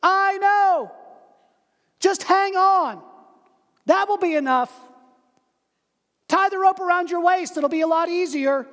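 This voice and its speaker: A preacher playing a man who hangs from a bridge on a rope, calmly insisting that he be held, in a high, raised voice with long hall reverb. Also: slow pace, pauses often, exaggerated voice. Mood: insistent. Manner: pleading but steady, raised voice.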